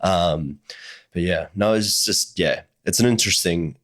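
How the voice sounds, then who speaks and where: A man's voice: low-pitched, measured pace, a bit bright. A man hosting a podcast, asking long, hesitant and rambling questions in casual conversation. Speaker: podcast host.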